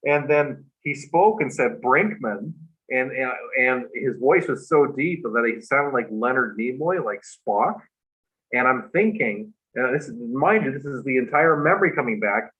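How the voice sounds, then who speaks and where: Halting man telling a story, muffled. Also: medium pitch. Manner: halting and earnest, with many restarts. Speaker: guest. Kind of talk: personal storytelling on a livestream talk show. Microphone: remote video call. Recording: muffled livestream audio.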